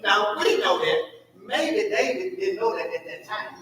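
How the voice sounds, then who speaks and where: A man teaching a church Bible class, animated, asking the class questions and acting out the prayers. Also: very high voice, measured pace. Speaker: Sunday school teacher. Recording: echoey room, mic far off, faint noise.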